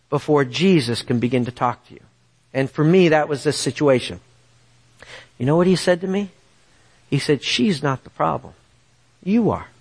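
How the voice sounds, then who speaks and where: A sermon from a middle-aged man whose voice is on the high side. He shares a personal story in an animated manner, pausing often to check in with the audience.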